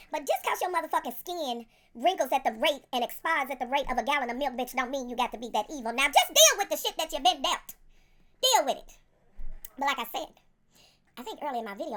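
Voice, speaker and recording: A woman reviewer talks at a rapid clip in a very high, bright voice. Her commentary is profane, sassy and animated, full of asides to her viewers. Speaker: video reviewer.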